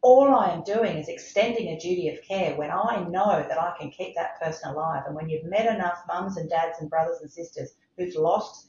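A woman's voice: fairly low pitch, darkish tone. Woman, middle-aged, emphatic, repeats for stress, roomy recording. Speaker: medical director, interview guest. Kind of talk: podcast interview. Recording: roomy, slightly dull sound.

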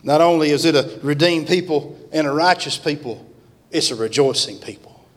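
A man's voice: a little high, moderate pace. A man preaching a revival sermon in a church, fervent and emphatic. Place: church sanctuary. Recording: long church-hall reverb.

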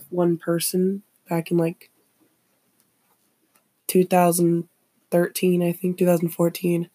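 A woman with a lowish, husky voice chats alone on her podcast, looping back over her own phrases as she goes. Her tone is mellow and dark. The sound is dry and close. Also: no echo. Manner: rambling, repeats and restarts phrases. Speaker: podcast host. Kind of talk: casual solo commentary.

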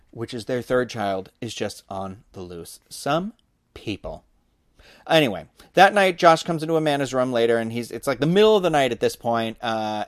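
A man's voice: medium pitch, no room sound. A man hosting a podcast, recapping and reading a book aloud with wry, dry asides. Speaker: podcast host.

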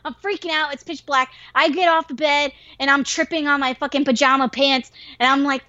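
A woman telling a wild story in casual chat, swearing freely and getting animated and excitable. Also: high-pitched, moderate pace, few pauses, dry recording. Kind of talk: casual story told to a listener. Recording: dry, slightly dull lo-fi recording.

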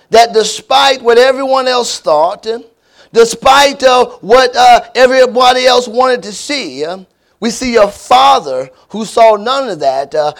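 A man preaching a sermon to his church, with frequent filler words and calls for amen, then leading a prayer. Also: very high-pitched. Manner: preaching with many fillers and call-and-response to the church; prays with repeated invocations. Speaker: pastor.

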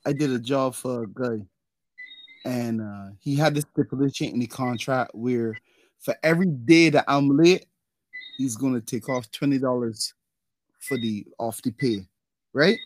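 A young man tells stories on a casual podcast. His delivery is animated, and his voice leaps upward whenever he quotes someone. The recording is dry and close. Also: a little slow, no echo, poor audio. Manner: animated storyteller, voice jumps high when acting out quotes. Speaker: podcast co-host. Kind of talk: casual storytelling chat.

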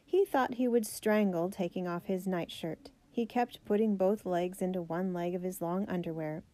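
A woman narrating a children's biography aloud, steady and gentle. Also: on the low side, normal speed.

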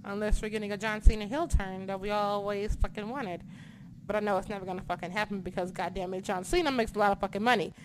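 A woman's voice: mid-range voice, steady tone, quick pace, a little hiss or hum. A young woman co-hosting a casual wrestling chat, ranting animatedly and swearing often. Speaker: wrestling podcast co-host.

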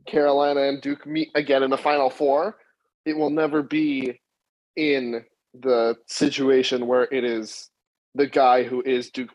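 A man co-hosting a casual sports chat, quick and joking. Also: mid-range voice, darkish tone, rough recording.

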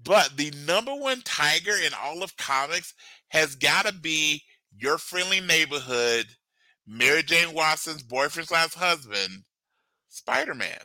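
Podcast co-host, male, bright tense voice, dry close mic, playful and upbeat. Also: on the high side, lively intonation, no room sound, low-quality recording. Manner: playful, enthusiastic, quick to laugh. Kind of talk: casual chat.

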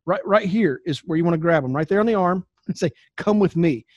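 A man's voice: high voice, quick pace, no room sound, highs cut off. A middle-aged man giving a folksy, preachy sales training talk, laughing at his own asides. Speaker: network marketing trainer. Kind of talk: motivational training talk to camera.

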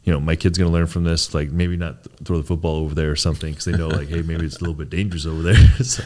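A young man with a very deep voice chats on a podcast. He muses in a loose, rambling way and checks in with his listener as he goes. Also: fairly even intonation, rapid-fire, mellow. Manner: rambling, reflective, often adds "right?". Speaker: podcast co-host. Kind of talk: casual chat.

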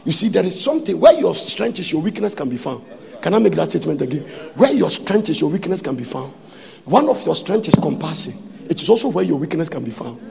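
Animated high-voiced Ghanaian preacher. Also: male voice, quick pace, vocal fry. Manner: preaching with sudden shouts and sung phrases. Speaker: pastor. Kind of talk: sermon. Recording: long hall reverb.

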